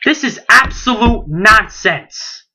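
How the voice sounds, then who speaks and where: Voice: medium pitch, expressive, slow, bright, forceful tone, faint music behind. A late-teen wrestling vlogger in a heated, indignant rant, firing off rhetorical questions and repeating himself. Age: late teens.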